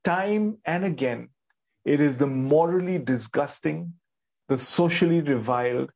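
Guy preaching a sermon, kinda husky voice, a bit high for a man, leans hard on the big points. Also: darkish tone. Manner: earnest, emphatic preaching with rhetorical questions and repetition. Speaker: pastor.

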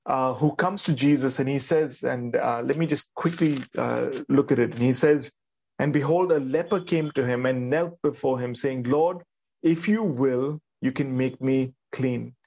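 A man's voice: medium pitch, a little slow, gravelly, a little mellow. A man preaching a sermon, earnest and emphatic, asking the listeners questions and repeating his key points. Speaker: pastor.

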